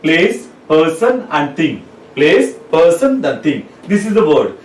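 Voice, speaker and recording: A man's voice: on the high side, very animated, slow pace. A man teaching a lesson, spelling words out letter by letter and repeating them. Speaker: English teacher. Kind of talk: classroom lecture. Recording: roomy, mic at a distance.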